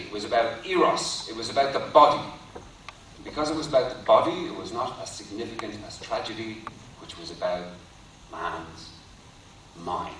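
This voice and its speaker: A male lecturer talks through an academic point, pausing wryly before his punchlines. He sounds distant from the microphone, with heavy hall reverb and a faint hum of room ambience. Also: fairly low pitch. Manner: wry, deliberate, builds to punchlines. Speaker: university lecturer. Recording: echoey hall from far off.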